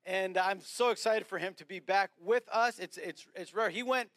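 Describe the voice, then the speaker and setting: A male pastor introducing a guest preacher in church, speaking haltingly and repeating words. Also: high-pitched, fairly bright tone, no room sound, clean studio sound. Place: church sanctuary.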